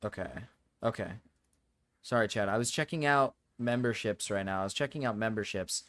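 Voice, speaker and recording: A young man giving live-stream reaction commentary, excitable and swearing, laughing often and jumping into sudden high yelps. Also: moderate pace, dry recording, studio quality.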